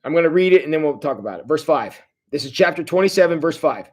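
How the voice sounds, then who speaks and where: Man, pastor type, high voice, casual livestream teaching, restarts phrases often. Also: fast talker, few pauses, slightly rough. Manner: conversational, animated, repeats words when restarting; addresses viewers directly. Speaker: pastor leading a Bible study. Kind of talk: livestreamed Bible study teaching.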